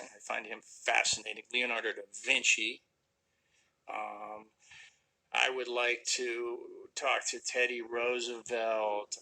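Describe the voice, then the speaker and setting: A man's voice: medium pitch, pushed and bright, poor audio. A man casually answering viewer questions on a livestream, rambling and joking, sometimes trailing off into mumbles. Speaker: actor answering fan questions.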